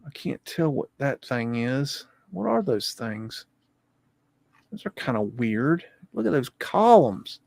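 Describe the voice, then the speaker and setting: A man hosting a livestream, talking in an excitable, profane, rambling way. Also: medium pitch, takes it slowly, gravelly, no echo. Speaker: livestream host. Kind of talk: casual livestream commentary.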